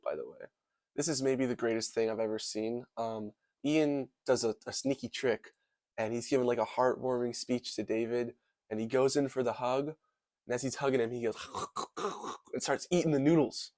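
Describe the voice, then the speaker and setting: A man's voice: mid-range voice, fairly even intonation, moderate pace, no echo. A young man rants through a movie recap in a casual, hyperbolic ramble, leaning hard on "like" and "dude". His voice sits in a middle range and sounds close and dry, with no room around it. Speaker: movie reviewer. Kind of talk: casual comedic movie commentary.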